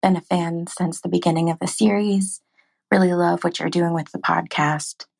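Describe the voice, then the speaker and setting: Brief: woman caller from Ohio, monotone with vocal fry, polite. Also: fairly low pitch, normal speed. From Ohio, United States. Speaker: voicemail caller.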